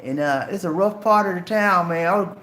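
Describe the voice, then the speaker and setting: High-pitched, brisk, and sharp in tone, the voice echoes in the room. It comes from a middle-aged man from Charleston, South Carolina, with a light Southern Geechee accent, who chattily answers viewer questions on a live stream and talks directly to them as "man" and "bro."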